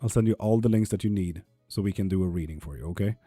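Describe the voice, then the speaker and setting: A man, talking casually on a live stream and swearing freely as he reads comments. His voice sits low and mellow, recorded dry and close, with faint music under it. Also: quick pace, husky, dry recording. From Sweden. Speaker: tarot reader streamer.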